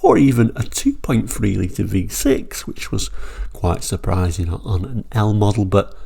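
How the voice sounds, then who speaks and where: A low-voiced man with a gravelly, mellow tone. He talks casually through old car brochures, digressing freely and then steering himself back to the point. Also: big pitch swings, a little slow. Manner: chatty and rambling, digresses then pulls himself back on track. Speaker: channel host.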